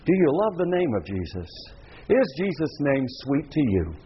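A man preaching a sermon as pastor, dramatic, acting out pleading worshippers in a high, rising voice. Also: very animated, moderate pace, a little hiss or hum. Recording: dull lo-fi recording.

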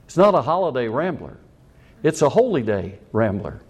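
An older man, a pastor, preaching a sermon in an animated way that acts out the quotes he tells. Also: mid-range voice, moderate pace, breathy edge.

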